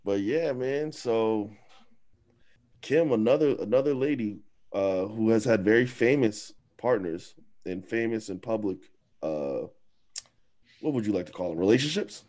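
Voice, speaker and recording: Low-voiced man steering a casual podcast chat. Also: lively intonation, darkish tone. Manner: sarcastic, leads topics with slow deliberate setups. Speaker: podcast co-host.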